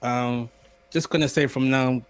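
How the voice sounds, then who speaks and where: A young man co-hosting a podcast, telling stories in casual chat with animated repeats and restarts. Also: mid-range voice, unhurried, clean tone. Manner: animated storyteller, stammers and repeats words. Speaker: podcast co-host.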